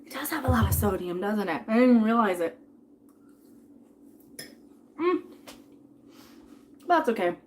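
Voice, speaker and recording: A woman's voice: fairly high pitch, animated, a little slow, long pauses, a little mellow, slight background noise. A woman in her thirties chatting casually on a live stream while she eats dinner, rambling, reading out viewer tips and thanking people, sometimes talking with food in her mouth.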